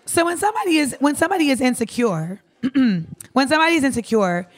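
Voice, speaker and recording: A woman's voice: high-pitched, expressive, quick pace. A woman hosting a live podcast in front of an audience, talking casually and frankly with slang and swearing, laughing often. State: losing her voice. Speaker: podcast host. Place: live show venue with audience.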